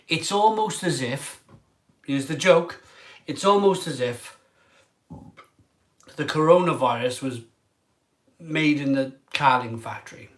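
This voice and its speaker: Slow, tearful man. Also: medium pitch, fairly bright tone. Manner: emotional, halting, trailing off mid-sentence. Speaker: craft beer reviewer. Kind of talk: emotional vlog monologue.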